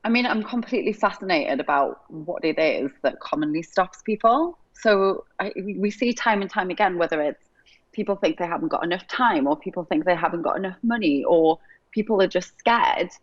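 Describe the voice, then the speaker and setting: A woman's voice: fairly low pitch, expressive, fairly quick, no echo, lo-fi sound. A woman in her thirties from England with an English accent, answering interview questions in an earnest, upbeat way. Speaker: guest coach.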